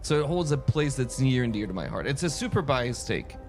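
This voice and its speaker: This man from France talks casually over his game in a mid-range, very animated voice, moving a little fast. His storytelling wanders and restarts repeatedly, and soft background music can be heard.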